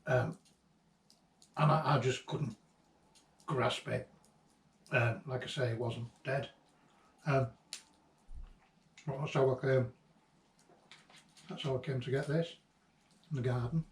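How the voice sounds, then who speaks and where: A man reminiscing casually about a late friend, halting and reflective, with frequent ums and restarts. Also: mid-range voice, steady tone. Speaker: vlogger remembering a late friend. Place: at the friend's old house and garden. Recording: roomy echo, distant mic, faint ambient noise.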